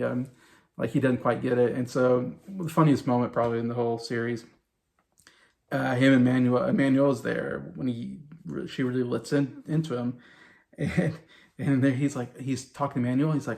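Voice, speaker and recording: A man's voice: medium pitch, fairly even intonation, moderate pace, gravelly, a little mellow. A man around forty giving a casual, rambling review of a TV show, full of fillers and little chuckles. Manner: rambling, loose retelling with many fillers and chuckles.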